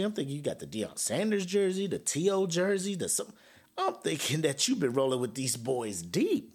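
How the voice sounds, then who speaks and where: A man's voice: a little high, creaky. A young man hosting a podcast, ranting casually with slang, swearing and sarcasm. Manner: profane, animated, sarcastic, slangy. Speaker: podcast host.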